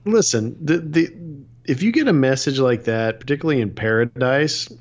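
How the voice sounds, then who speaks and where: A man co-hosting a casual chat, wry and rambling with halting restarts. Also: mid-range voice, dull audio. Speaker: podcast co-host. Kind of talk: casual chat recapping a reality show.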